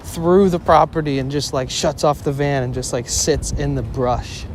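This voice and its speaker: A man's voice: on the high side, moderate pace. Young man rambling a story outdoors. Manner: rambling, full of "like" fillers, swearing, laughing. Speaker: IRL streamer. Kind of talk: casual storytelling on a live stream. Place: outdoors in a city. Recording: outdoor street noise.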